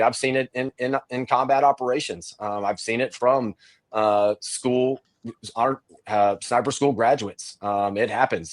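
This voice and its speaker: Halting man, dry sound. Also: medium pitch, no echo. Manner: halting, repeats words. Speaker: military veteran, security trainer. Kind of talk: casual podcast interview.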